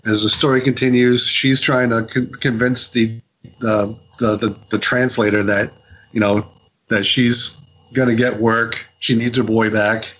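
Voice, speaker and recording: A man on a casual podcast, retelling a comic's story with lots of ums, restarts and quick acted-out quotes. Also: mid-range voice, fairly bright tone, poor audio. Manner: rambling retelling with many fillers and restarts. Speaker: podcast co-host reviewing comics.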